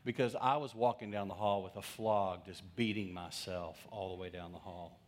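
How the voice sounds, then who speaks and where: Guy pastor, kinda low voice, preaching with a funny story, does the voices of everyone in it. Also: steady tone, moderate pace. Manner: humorous, acts out quoted voices. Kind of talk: storytelling sermon.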